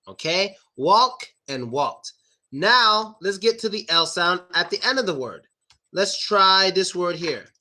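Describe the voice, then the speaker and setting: Bright-voiced American man teaching pronunciation. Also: sits high. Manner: lively, repeats words slowly for demonstration. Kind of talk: online pronunciation lesson.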